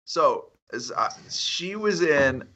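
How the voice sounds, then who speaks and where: A man's voice: on the high side, lively intonation, takes it slowly, bright, forceful tone, muffled recording. A man co-hosting a movie podcast, enthusiastically recommending films in casual chat. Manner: enthusiastic, quotes scenes. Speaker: podcast co-host.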